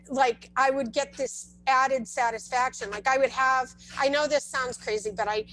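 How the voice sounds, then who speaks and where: A woman's voice: on the high side, low-quality recording. A woman telling a long personal story as a parent, in casual talk with many restarts and asides. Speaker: parent sharing her experience.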